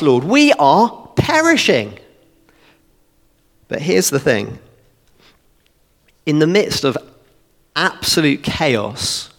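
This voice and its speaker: A man preaching a sermon, walking through a passage verse by verse in an animated, conversational way with joking asides. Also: medium pitch. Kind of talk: expository sermon. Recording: long reverb of a church hall.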